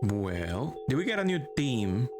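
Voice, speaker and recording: A man's voice: mid-range voice, sing-song, unhurried. A man streaming a video game live, chatty and exclamatory, swearing when surprised. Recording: clear background music.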